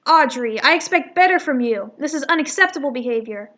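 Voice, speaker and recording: A woman's voice: high-pitched, expressive, a little fast, fairly bright tone. A woman voicing a strict female cat schoolteacher in a comic she reads aloud, stern and scolding.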